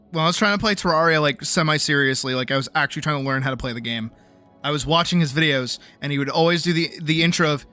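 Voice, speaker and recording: A young male game streamer rambles and rants in casual chat, restarting sentences and swearing. His voice is bright and somewhat high. Faint background music plays under him.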